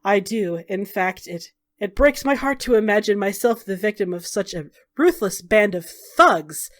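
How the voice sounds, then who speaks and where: A woman's voice: medium pitch, animated, normal speed, a bit bright, lightly acted. Woman doing a menacing, silky male noble for a tabletop game. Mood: silky menace. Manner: mock-polite, taunting. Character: cruel smug male magister, sly and menacing.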